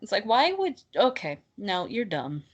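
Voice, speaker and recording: A woman co-hosting a casual book discussion podcast, talking in an animated, exasperated way and laughing often. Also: medium pitch, measured pace, husky. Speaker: podcast co-host.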